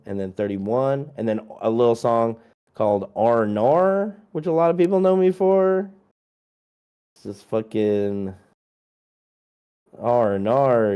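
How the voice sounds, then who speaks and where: A man's voice: on the low side, clean tone, dull audio. A young man, a musician guest, chatting casually through a long list of his releases, rambling and joking with lots of fillers.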